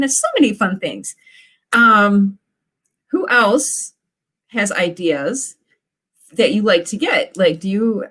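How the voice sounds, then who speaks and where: A woman's voice: medium pitch, a bit bright. Bubbly chatty woman author streaming. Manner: bubbly, gushing, chatty with viewers. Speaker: author hosting live writing sprints. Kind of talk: casual livestream chat.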